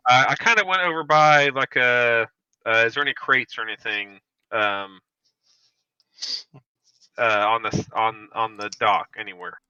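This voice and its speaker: Hesitant man with a bright voice. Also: medium pitch, a little slow, long pauses, clean tone, dry recording. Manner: hesitant, many uhs and restarts. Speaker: player. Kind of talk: casual tabletop play. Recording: dull lo-fi mic.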